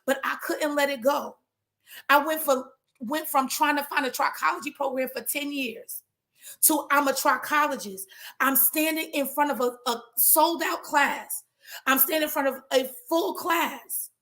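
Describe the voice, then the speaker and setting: A woman with a somewhat high voice tells her business story in a loose, animated way. She talks straight to her audience like friends, mixing motivation with casual chat. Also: measured pace. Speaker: trichologist and hair business coach. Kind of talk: motivational casual talk to viewers.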